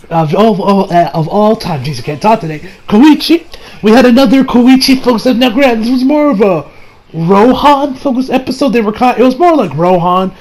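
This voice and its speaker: A man's voice: high voice, darkish tone. A man giving a casual anime episode review, gushing and rambling with lots of fillers.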